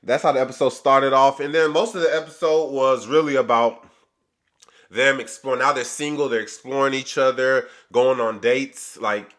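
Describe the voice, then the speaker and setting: A man's voice: medium pitch, steady tone, moderate pace, a bit bright. A man hosting his own channel, giving a casual, rambling review of a reality show full of slang. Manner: rambling, chatty retelling with slang.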